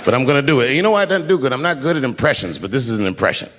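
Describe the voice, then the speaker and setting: A man telling stand-up comedy stories onstage at a large venue into a handheld mic, swinging between shouted punchlines and low, hushed asides. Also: animated, very fast. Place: large performance venue on stage. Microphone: handheld stage mic. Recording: long hall reverb, faint noise.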